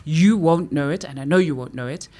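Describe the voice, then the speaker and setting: A woman with a lowish voice co-hosts a podcast in relaxed, casual chat. She tells stories with energy and slips into little acted-out quotes along the way. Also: fairly quick. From South Africa. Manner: animated storyteller, acts out quotes. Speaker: podcast co-host.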